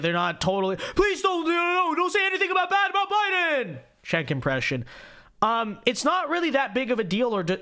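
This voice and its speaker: A young man hosting a political commentary show, speaking a little high. He is sarcastic and mimics quotes in a whiny tone. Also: a bit bright.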